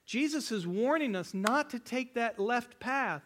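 A male pastor delivers a sermon with a notably high voice. He speaks slowly and earnestly, leaning on repetition to drive each point home. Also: animated, a bit bright. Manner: earnest, repetitive preaching with rising emphasis.

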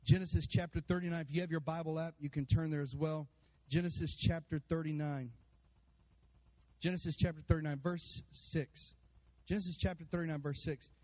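A man preaching a sermon to his church, animated, acting out voices and calling out to the congregation. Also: on the high side, brisk, poor audio. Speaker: pastor. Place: church sanctuary.

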